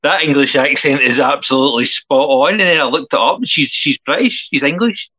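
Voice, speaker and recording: A man's voice: fairly high pitch, a little fast, pushed and bright, breathy edge. A Scottish man co-hosting a podcast in casual chat, laughing easily and chiming in with short replies. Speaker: podcast co-host. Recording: dull lo-fi sound.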